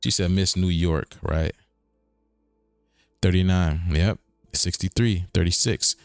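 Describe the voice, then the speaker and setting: This livestream host speaks slowly in a low, steady voice with vocal fry and a clean tone, over faint music in a clean studio with no room sound. His commentary is casual and rambling. He repeats things, checks in with listeners, and riffs on words by breaking them apart.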